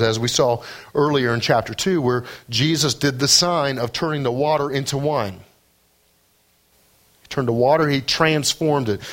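A man preaching a sermon, emphatic, climbing high on scripture and key points and often repeating words as he starts a phrase. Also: a bit bright. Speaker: pastor.

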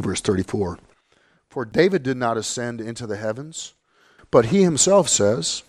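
A man preaching a sermon, emphatic, dropping low and then rising. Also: darkish tone. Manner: emphatic, swings between low and raised voice.

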